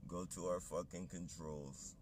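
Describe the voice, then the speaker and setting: A man's voice: sits low, steady tone, measured pace, darkish tone, slight background noise. A man on a livestream, ranting in a heated, profane, rambling monologue. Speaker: livestream host.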